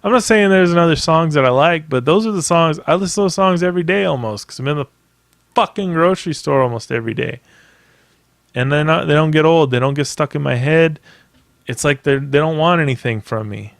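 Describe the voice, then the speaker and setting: A man's voice: on the high side, fairly quick, gravelly, dry recording, clean studio sound. A man hosting a podcast by himself, ranting in a casual, rambling way with plenty of profanity and emphatic asides. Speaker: podcast host. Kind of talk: casual solo podcast rant.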